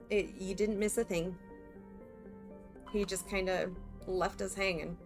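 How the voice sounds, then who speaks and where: A woman's voice: mid-range voice, steady tone, measured pace, long pauses, over music. Chatty woman streaming a game. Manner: chatty, self-interrupting, talking to viewers. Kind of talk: casual game commentary.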